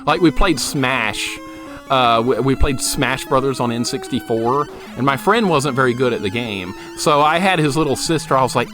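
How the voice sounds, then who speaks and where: A man in his thirties streams a retro game, chatting, laughing and casually swearing with viewers as he plays. His medium-pitched voice is expressive and moves at a normal speed. Loud retro game music plays beneath him throughout the recording.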